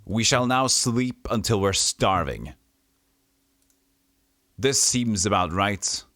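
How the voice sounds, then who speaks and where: A man's voice: fairly low pitch, animated, slow, long pauses, sharp tone, dry recording. A young man streaming a retro role-play game, chatting casually with wry, self-mocking remarks and reading the story aloud.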